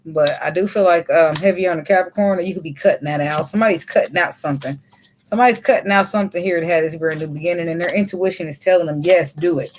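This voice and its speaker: A woman's voice: on the low side, quick pace. Blunt, profane woman giving a tarot reading. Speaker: tarot reader. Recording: faint background noise.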